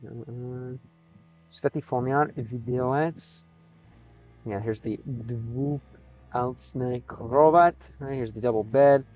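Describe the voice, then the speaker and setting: Man slowly sounding out Russian words. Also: mid-range voice, a little mellow, faint music behind. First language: English. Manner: sounds out Russian words haltingly, thinking aloud. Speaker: streamer. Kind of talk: casual live-stream chat.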